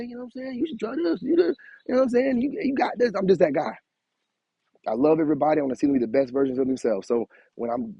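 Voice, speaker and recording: A man's voice: high-pitched, dark tone, husky, no room sound. A man, giving an emphatic, repetitive motivational monologue to his viewers. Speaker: spiritual content creator.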